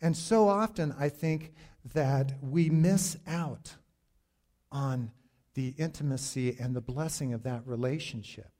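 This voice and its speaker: A middle-aged male pastor preaching a sermon in a slow, deliberate way, pausing for emphasis. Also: medium pitch, warm tone.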